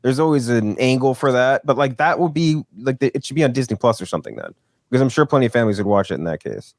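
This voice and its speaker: A man's voice: mid-range voice, lively intonation, quick pace, no echo, studio quality. Profane, rambling young man co-host. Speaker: podcast co-host. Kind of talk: casual chat.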